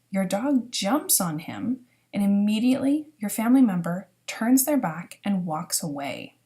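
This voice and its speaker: A woman narrating a dog training lesson at a middle pitch. She explains each step clearly and plainly, like a teacher walking new students through the basics. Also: dark tone. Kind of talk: recorded lecture narration.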